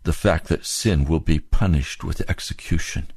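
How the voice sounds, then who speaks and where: A male preacher gives an impassioned sermon packed with rhetorical questions, building to high, emphatic peaks. He speaks at normal speed in a darkish tone, with studio-quality audio and no echo.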